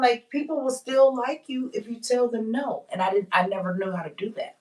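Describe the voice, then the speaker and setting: A woman speaks in a casual personal monologue, candid and emphatic, with plenty of slang. She slows down to drive home her points. Her voice sits a bit back from the microphone, with a touch of distance. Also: on the high side, a little mellow. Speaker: vlogger.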